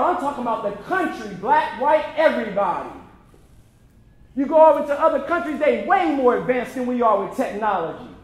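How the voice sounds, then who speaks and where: A man from the United States giving an impassioned, preacherly motivational speech at a documentary screening, driving his points home with emphatic repetition. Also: very high-pitched. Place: event venue before an audience. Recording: roomy echoey hall.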